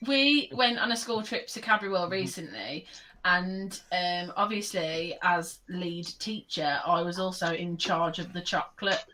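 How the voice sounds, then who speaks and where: A woman who works as a teacher, co-hosting a casual group chat and telling an animated story with plenty of laughter. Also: fairly low pitch, measured pace, slight background noise, poor audio. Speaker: teacher and podcast co-host.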